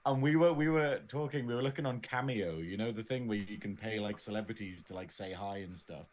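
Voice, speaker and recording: A man's voice: fairly low pitch, a little fast, slight background noise. Giggly rambling English man. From Northern England. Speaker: podcast co-host. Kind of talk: casual review chat.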